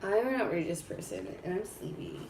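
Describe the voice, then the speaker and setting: A woman from Southern California, a podcast guest telling stories in a dramatic, animated way that sometimes trails off sleepily. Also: on the low side, brisk, gravelly, far from the mic, slight background noise. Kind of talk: casual storytelling chat. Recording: echoey room, away from the mic.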